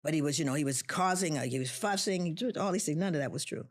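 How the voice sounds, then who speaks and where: Low-voiced and fast-talking, a middle-aged woman who teaches social work recounts a personal story full of emotion. She impassionedly performs the voices of others in it and hammers lines home by repeating them.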